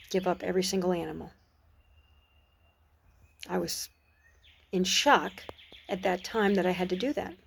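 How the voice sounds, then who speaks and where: A middle-aged woman talking earnestly and reflectively about her faith in a personal vlog, pausing and restarting her sentences, outdoors on a porch. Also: medium pitch, a little mellow. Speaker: Christian vlogger. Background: birds and dogs outside.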